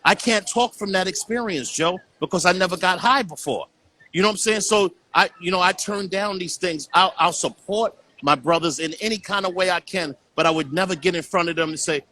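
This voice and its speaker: A man's voice: sits high, fairly quick, bright, forceful tone. A man talking earnestly in a casual call conversation as a guest, often saying "you know what I'm saying".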